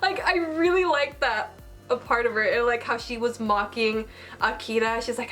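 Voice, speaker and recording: A young woman reviewing an anime episode in casual, animated chat, swearing now and then. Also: on the high side, moderate pace, soft background music.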